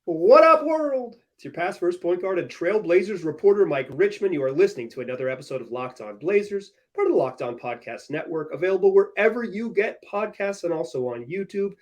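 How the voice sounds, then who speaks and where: His voice sits high, and he moves briskly with hardly any pauses. The young man hosts a casual sports podcast, spinning stories energetically and laughing throughout.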